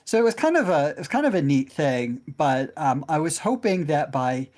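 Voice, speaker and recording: A man's voice: on the high side, very animated, moderate pace, a little mellow. A man co-commentating a game stream, explaining things in a rambling, hesitant way. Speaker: tournament organizer and co-commentator.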